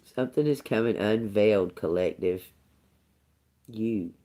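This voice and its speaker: A woman's voice: a bass voice, a little slow, mellow. A woman hosting a casual livestream tarot reading, emphatic and prone to laughing, with casual swearing and phrases repeated for emphasis. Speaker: tarot reader.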